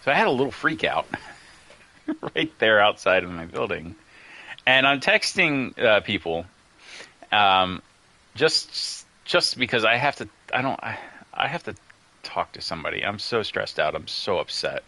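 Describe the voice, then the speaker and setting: A man chatting casually over gameplay, telling a long story in a rambling, excitable way and getting worked up as he goes. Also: on the low side, unhurried. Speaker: gaming streamer.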